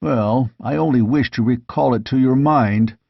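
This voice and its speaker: A man playing a gruff barbarian king. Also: mid-range voice, normal speed, dry recording. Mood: blunt, mocking. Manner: blunt, gruff, grimly amused. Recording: dull, dry lo-fi audiobook recording.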